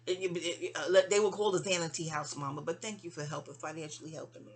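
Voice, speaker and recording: A woman's voice: low voice, steady tone, fast, few pauses, slightly rough. A middle-aged woman in a rambling, candid personal monologue addressed to her mother. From New York. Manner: rambling, digressive, candid, stumbling restarts. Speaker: vlogger.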